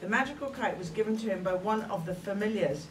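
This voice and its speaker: A woman's voice: mid-range voice, animated, fast talker. A woman reading a picture book aloud, playful, sometimes speaking to a child listening. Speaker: storybook reader. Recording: roomy room, mic at a distance, faint hum.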